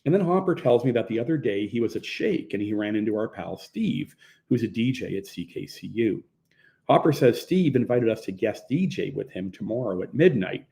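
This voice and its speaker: A man narrating his own memoir as an audiobook in a plain, low-key manner. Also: gravelly, mellow. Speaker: author reading his own book.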